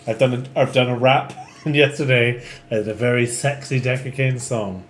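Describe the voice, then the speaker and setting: A man hosting a casual podcast, asking questions in a lively, jokey way. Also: mid-range voice, moderate pace, slight background noise. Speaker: podcast host.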